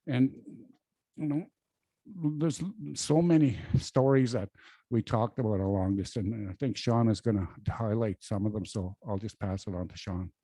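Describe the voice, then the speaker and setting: A man, a co-author, sharing personal reflections at a book launch in a halting, reflective way. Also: lowish voice, warm tone, dry recording, low-quality recording. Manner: reflective, halting, many fillers. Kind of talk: informal personal reflection to an audience. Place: library event room.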